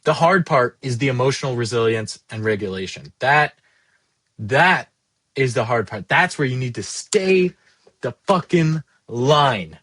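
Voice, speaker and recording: A man in his twenties vents in a candid, rambling monologue, swearing freely and putting himself down. His voice sits in an ordinary middle pitch. The room is dry, with no echo. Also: lively intonation, measured pace, a bit bright, husky. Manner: rambling, profane, self-deprecating. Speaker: SaaS founder vlogging.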